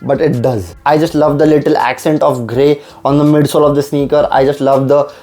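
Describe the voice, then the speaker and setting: A man's voice: on the high side, little pitch movement, brisk, mellow, soft background music. A young man, eagerly unboxing and reviewing sneakers and often repeating how much he loves them. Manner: enthusiastic, repeats "I just love".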